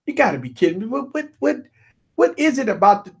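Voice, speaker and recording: A man hosting a live tech stream, joking and ranting in an animated, repetitive way. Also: extremely high pitch, fast talker, husky. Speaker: tech show host.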